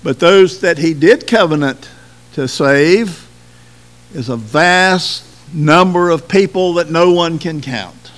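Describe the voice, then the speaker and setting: A man preaching a sermon at an unhurried, measured pace. His voice sits a little higher than most men's, and he leans into key words with slow emphasis. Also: a bit bright. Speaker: pastor.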